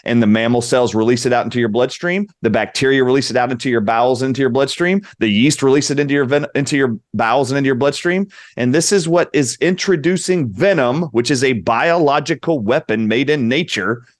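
A man's voice: medium pitch, fairly quick, few pauses, no echo. Man lecturing insistently, dry sound. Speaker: interview guest, doctor. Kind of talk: interview talk.

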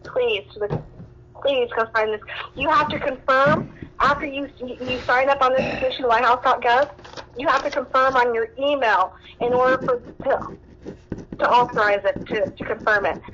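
A woman's voice: fairly high pitch, a bit bright, dull audio, slight background noise. A woman from Southern California calling in to a radio talk show, upset and rambling with many fillers and restarts. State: distressed. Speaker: caller.

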